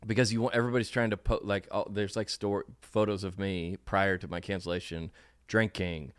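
A man guesting on a podcast in casual chat, joking around with lots of fillers and quick yeahs. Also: lowish voice, little pitch movement, clean tone, no room sound, studio quality. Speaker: comedian guest.

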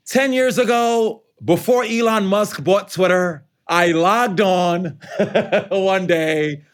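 A man, an author and educator, answering interview questions in a lively conversational way, acting out quoted lines. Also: high voice, takes it slowly. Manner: animated, conversational, acts out quotes.

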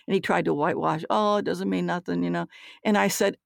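An older woman speaks with a heavily gravelly, creaky voice, recorded dry and close. She is a psychologist guest who tells her stories bluntly and acts out each line of dialogue. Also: fairly low pitch, fairly quick, no echo. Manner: forthright, acts out quoted dialogue. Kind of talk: candid storytelling interview.

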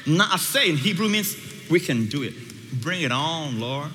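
A male pastor preaching a sermon, emphatic, swinging between loud high peaks and hushed low passages. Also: sing-song, unhurried, slight background noise. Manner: emphatic, with sweeping shifts between loud highs and quiet lows. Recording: reverberant hall with faint ambience.

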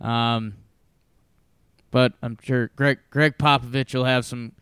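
Easygoing man with a smooth voice. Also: mid-range voice, fairly even intonation, slow, fairly bright tone, no echo, clean studio sound. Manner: easygoing, many fillers and short agreements. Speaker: podcast co-host. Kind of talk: casual sports chat.

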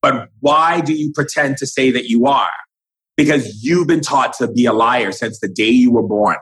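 A man's voice: medium pitch, moderate pace, a bit bright, poor audio. A man speaking as a spiritual guide in an impassioned, preachy way, acting out quoted conversations.

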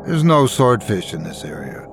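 A man voicing a calm, skeptical male diver who speaks matter-of-factly. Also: fairly low pitch, normal speed, gravelly, over music. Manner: matter-of-fact, doubting.

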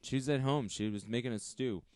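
A man's voice: medium pitch, a little mellow, no echo, studio quality. A man improvising a comedy bit, stammering and laughing as he talks. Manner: halting, stammering, laughs often.

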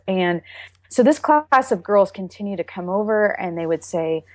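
A woman's voice: mid-range voice, dry recording. Earnest Texas woman sharing her testimony. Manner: earnest and emotional, with halting restarts. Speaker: interview guest. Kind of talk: candid faith testimony.

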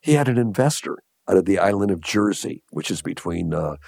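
An older man from Los Angeles with a low, gravelly voice speaks as an interview guest. He tells his stories unhurriedly, leaning on repeated phrases and chuckling now and then, recorded close and dry. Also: expressive, a little fast, a little mellow, dry recording. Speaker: guest, entrepreneur. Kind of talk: interview storytelling.

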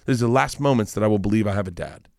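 A middle-aged man, a comedian guest, telling stories in an animated, profane way and acting out the voices, wired on too much coffee. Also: on the low side, racing. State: over-caffeinated, rattling on. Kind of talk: casual storytelling chat.

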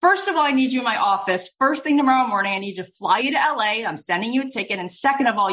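A woman voicing an excited, bossy male film director who gives orders in an emphatic, gushing way. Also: very high-pitched, pitched above the performer's own voice, full character voice.

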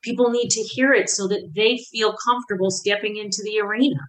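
A woman's voice: medium pitch, steady tone, a little fast, fairly bright tone, poor audio. A middle-aged woman on a podcast, telling her recovery story in a heartfelt, candid way and acting out the voices she quotes. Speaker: podcast guest. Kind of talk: candid conversation about recovery.

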